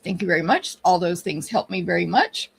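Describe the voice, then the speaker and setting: A woman's voice: fairly low pitch, lively intonation, fairly quick, creaky, breathy edge. A middle-aged woman with a Texan accent hosts a casual live stream, chatting and greeting viewers one by one by name. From Texas. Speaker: livestream host and papercraft teacher.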